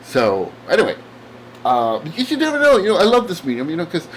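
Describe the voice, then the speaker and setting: A man's voice: on the high side, huge pitch swings, quick pace, a little hiss or hum. A man hosting his own comic book channel, chatting casually in a rambling, enthusiastic way with lots of fillers. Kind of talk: casual chat.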